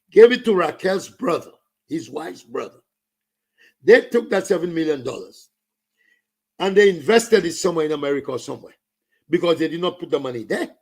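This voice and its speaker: A man's voice: on the high side, vocal fry, husky. A man with a Saint Lucian accent ranting about politics, slipping into Creole and French. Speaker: political commentator. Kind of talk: impassioned political rant.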